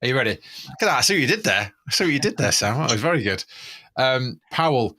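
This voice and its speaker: A man co-hosting a podcast in casual chat, excitable, swearing freely and restarting his sentences. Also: mid-range voice, fast, very noisy. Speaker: podcast co-host.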